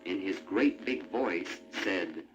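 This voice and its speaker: A man narrating a storybook in an animated, expressive way. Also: low-pitched, slow. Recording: muffled old vinyl with music.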